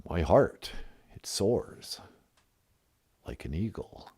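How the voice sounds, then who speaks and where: Comedy caller: man voicing a solemn, deep, mock-portentous Western sidekick, slow delivery. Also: big pitch swings, mellow, husky, full character voice. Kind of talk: puppet comedy call-in bit.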